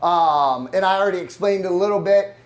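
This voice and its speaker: A man's voice: high voice, brisk. A man hosting a live event, introducing the next speaker in a loose, joking, profane way. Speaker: event host. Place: conference room with live audience.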